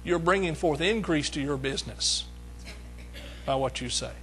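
A man's voice: fairly high pitch, normal speed, fairly bright tone, a little hiss or hum, poor audio. A middle-aged man preaching a sermon, emphatic, repeating his phrases and calling out to the congregation.

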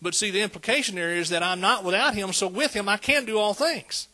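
Pastor guy preaching, kinda high voice, chatty, keeps asking the church stuff. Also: a little fast, bright, forceful tone. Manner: preachy, conversational, calls out to the congregation. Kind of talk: sermon.

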